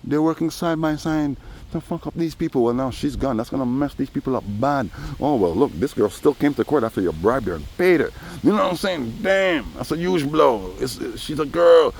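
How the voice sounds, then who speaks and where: A man's voice: mid-range voice, expressive, moderate pace. A man, rambling through a casual vlog monologue outdoors and tossing in "you know" every few phrases. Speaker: vlogger. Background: faint traffic noise.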